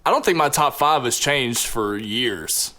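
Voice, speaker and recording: A man hosting a casual movie podcast, laughing often and jumping between quick asides. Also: medium pitch, expressive, sharp tone. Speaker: podcast host. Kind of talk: casual chat.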